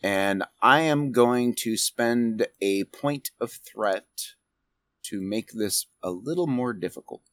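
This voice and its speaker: A man running a tabletop game as game master, narrating scenes and calling for dice rolls. He rambles and pauses to find his words, and the sound is dry and close to the mic. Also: fairly low pitch, fairly bright tone, no room sound. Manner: rambling, many fillers.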